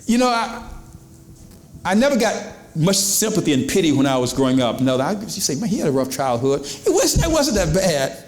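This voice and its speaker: Guy preaching a sermon, kinda high voice, big swings up and down, echoey church sound. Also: brisk. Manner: animated preaching, swings from low emphatic lines to high exclamations. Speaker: pastor.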